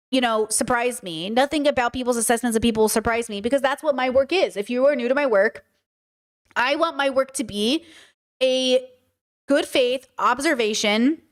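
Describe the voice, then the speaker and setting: A young adult woman hosting a podcast, talking in an animated, casual monologue that swears freely and mimics people in quick asides. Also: on the high side. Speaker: podcast host.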